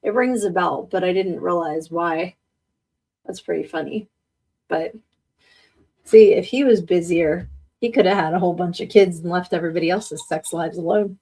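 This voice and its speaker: A woman's voice: lowish voice, moderate pace, mellow. A woman hosting a casual live podcast, chatting and joking with her audience and laughing often. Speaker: podcast host. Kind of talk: casual live-stream chat.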